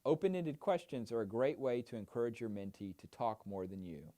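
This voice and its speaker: Male trainer, animated pitch, explanatory lesson delivery with frequent fillers. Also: brisk. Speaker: mentor trainer. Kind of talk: instructional narration.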